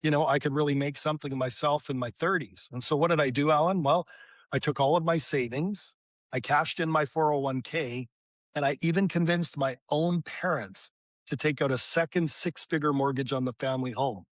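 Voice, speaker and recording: A middle-aged man with a Canadian accent, a podcast guest telling his life story in an animated, storytelling way. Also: a little high, fairly quick, no echo. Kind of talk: storytelling interview.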